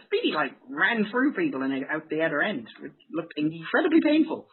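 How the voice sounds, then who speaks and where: A man's voice: on the high side, sing-song, a little fast, husky. A man co-hosting a casual podcast chat about cartoons, sarcastic and given to exaggerated rants. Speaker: podcast co-host. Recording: phone-like narrow sound.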